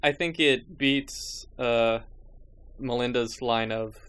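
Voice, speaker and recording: A man's voice: mid-range voice, slow, a bit bright, clean tone. A man hosting a podcast in casual chat, with wry, sarcastic remarks and laughing asides. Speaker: podcast host.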